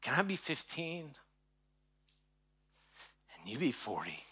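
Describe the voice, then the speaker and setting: Bright-voiced man in his forties preaching. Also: very animated, slow pace, breathy edge. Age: 40s. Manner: soft and hushed while telling a personal story, louder and higher when preaching. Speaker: pastor. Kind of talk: sermon.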